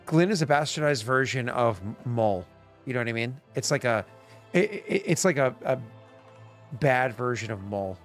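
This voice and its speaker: A man runs a tabletop game as game master, his medium-pitched voice animated yet worn out from work. He rambles and halts, using lots of fillers, while soft music plays in the background.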